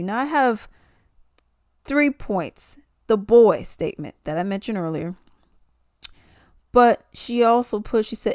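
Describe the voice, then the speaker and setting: A woman's voice: mid-range voice, unhurried, a little mellow, no room sound, studio quality. A woman giving casual commentary, reading posts aloud and questioning the wording. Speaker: commentary vlogger.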